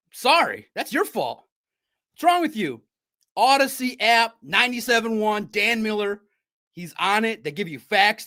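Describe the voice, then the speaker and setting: Excitable bright-voiced man recapping a game. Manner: excitable, rambling, laughs often; animated swings between loud outbursts and low asides. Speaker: sports podcast host. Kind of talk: live-stream sports recap chat.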